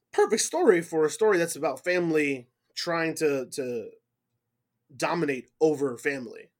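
A man with a fairly high voice talks through a wrestling match with lively, blow-by-blow storytelling. He keeps the casual feel of a podcast chat with a friend.

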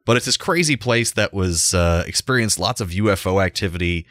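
Low-voiced, laughing podcast co-host man. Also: a little fast, no room sound, studio quality. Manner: animated storyteller, laughs often. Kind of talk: casual podcast chat.

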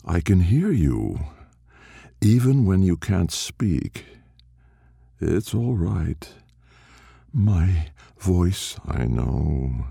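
Brief: a man playing an uncanny dog spirit in an audiobook, gentle and menacing, gravelly and unhurried. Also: low voice, very animated, dry recording, studio quality, pitched above the performer's own voice, heavily acted. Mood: soothing eerie. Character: eerie white dog spirit, calm, ominous.

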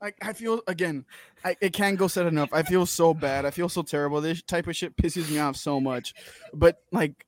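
A man's voice: a little high, moderate pace, no echo, studio quality. A man co-hosting a podcast, laughing often while saying he feels terrible about the story. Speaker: podcast co-host. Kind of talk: comedic podcast banter.

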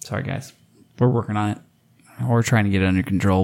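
A man's voice: on the low side, steady tone, fast, a little mellow. A man hosting a podcast, joking and crude in casual banter with his guests. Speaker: podcast host.

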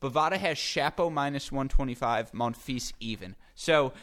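A man's voice: mid-range voice, moderate pace, a bit bright. A young man co-hosting a sports podcast, talking in playful, jokey banter. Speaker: podcast co-host. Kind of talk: casual sports podcast chat.

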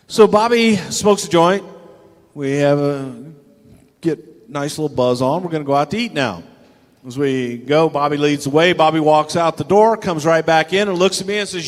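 Older male storyteller, salty and animated, slightly high voice, long room reverb. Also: normal speed. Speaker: storyteller guest. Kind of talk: casual anecdote telling.

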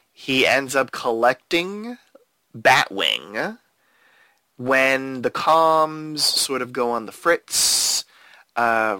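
A man co-hosting a podcast, recapping an episode in a playful, animated way with quick asides. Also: mid-range voice, no echo. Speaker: podcast co-host. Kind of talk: casual podcast discussion.

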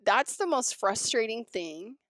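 A woman talking casually as a podcast co-host, excitable and animated as she tells stories. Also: fairly high pitch, a little slow, dry recording. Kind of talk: casual chat.

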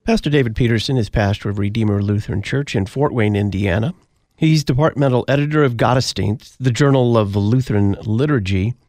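Measured male radio host, dry studio sound. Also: medium pitch, a little mellow, no echo. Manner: measured, clear announcer delivery. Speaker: radio talk show host. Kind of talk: radio interview and announcements.

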